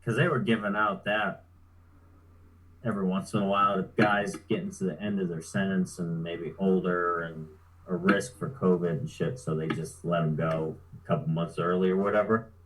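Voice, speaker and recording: Guest, male, low voice, easygoing storyteller, salty language, chuckles along. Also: steady tone, normal speed, fairly bright tone, slight background noise, low-quality recording. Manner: laid-back, profane, chuckles while telling. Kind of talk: casual storytelling.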